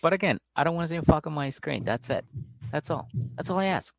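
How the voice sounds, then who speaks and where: A man's voice: fairly high pitch, lively intonation, fast, gravelly, no echo, studio quality. A man co-hosting a comedy podcast, casually recapping a reality show and acting out the people in it with profanity. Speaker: podcast co-host.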